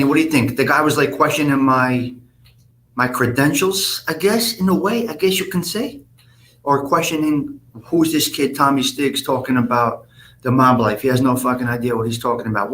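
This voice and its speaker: A man's voice: medium pitch, moderate pace, fairly bright tone. Blunt, profane man chatting on a live stream. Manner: blunt, profane, rambling street talk. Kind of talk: casual live-stream chat reading comments.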